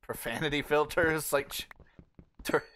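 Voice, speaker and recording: A man's voice: on the high side, fairly even intonation, unhurried, pushed and bright, slight background noise. A man streaming a game live, chatting casually with a friend and reading chat aloud. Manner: easygoing, reads chat aloud while playing.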